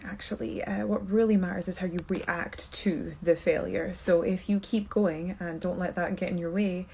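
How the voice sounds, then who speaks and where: A woman's voice: vocal fry, dark tone, breathy edge. Sleepy Scottish woman chatting. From Scotland. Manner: low-energy, sleepy, chatty. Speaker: actress answering fan questions. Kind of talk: casual Q&A chat. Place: indoor room during quarantine.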